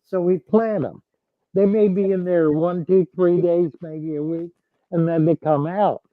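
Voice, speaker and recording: A man hosts a relaxed livestream chat, working through his thoughts aloud with plenty of restarts. He talks very slowly in a slightly raised voice. The sound is dull and lo-fi, with a dry close feel. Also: high voice, dry recording. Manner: halting, thinking aloud with frequent restarts. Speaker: host answering viewers.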